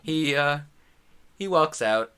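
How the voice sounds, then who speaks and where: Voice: mid-range voice, animated, slow, a bit bright, clear, resonant tone. A game master narrating a tabletop game in a rambling, playful way with many fillers. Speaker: dungeon master.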